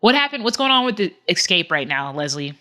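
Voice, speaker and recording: A woman's voice: fairly low pitch, very animated, fairly quick, sharp tone. A woman hosting a podcast, chatting casually with jokey asides about reality TV. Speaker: podcast host.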